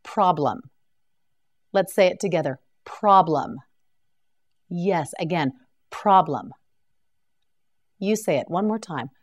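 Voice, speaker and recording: A woman's voice: fairly low pitch, expressive. A woman teaching English vocabulary in a scripted drill, enunciating each word carefully and praising the learner. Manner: slow, carefully enunciated repetition with encouraging praise.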